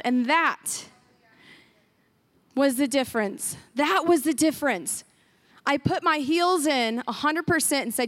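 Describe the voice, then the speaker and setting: A woman with a high voice tells a church testimony. She speaks earnestly and with deep feeling, often acting out her own past thoughts as she goes. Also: unhurried, long pauses, a bit bright. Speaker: guest speaker sharing a ministry testimony.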